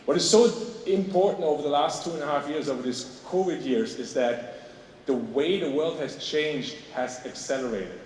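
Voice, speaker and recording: A man's voice: fairly high pitch, normal speed, darkish tone. A man with a German accent giving a conversational keynote at an industry event, often checking in with "okay?". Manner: conversational, tags points with "okay?". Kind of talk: conference keynote speech. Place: large conference hall on stage. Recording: echoey hall, distant mic, faint noise.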